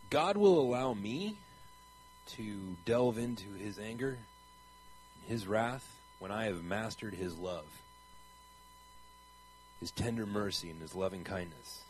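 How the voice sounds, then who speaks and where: A man's voice: on the low side, animated, slow pace, long pauses, darkish tone, slight background noise, rough recording. A man speaking in a conversational preaching style, earnest and rambling, asking his listeners pointed questions. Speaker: traveling Christian preacher.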